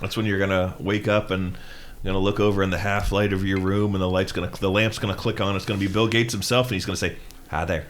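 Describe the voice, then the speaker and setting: A man's voice: low voice, quick pace, a little hiss or hum. A man co-hosting a podcast, chatting casually in a rambling, joking storytelling way. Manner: rambling, jokey storytelling with lively swings. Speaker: podcast co-host. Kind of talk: casual comedic chat.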